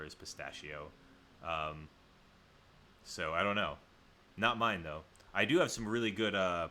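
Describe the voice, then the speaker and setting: A man's voice: low voice, pushed and bright, slight background noise. A man from the American South hosting a livestream, chatting casually with viewers in a rambling, self-correcting way. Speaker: livestream host.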